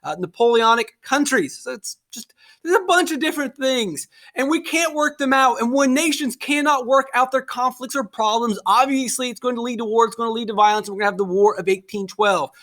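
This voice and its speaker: A man teaching a history lesson in a casual, animated way, often acting out quoted voices. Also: extremely high pitch, a little fast. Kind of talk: casual lecture.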